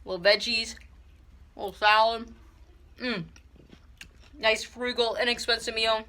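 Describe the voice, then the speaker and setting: Woman, family cooking vlogger, bright voice, casual chatty, easygoing, fillers. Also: fairly high pitch, steady tone, measured pace. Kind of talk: casual cooking vlog chat. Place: home, partly outdoors.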